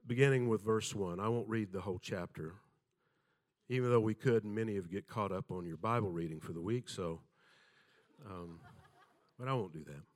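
A man's voice: fairly low pitch, moderate pace. An older man with a Southern American accent, preaching a sermon and telling folksy stories, acting out the voices in them. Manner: folksy storyteller, acts out quoted voices. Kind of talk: sermon with storytelling.

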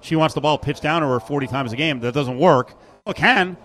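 A man's voice: on the high side, a little fast, fairly bright tone, a little hiss or hum. A man hosting a casual sports radio show from a sportsbook, chatting, joking and reading live ads. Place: sportsbook broadcast booth.

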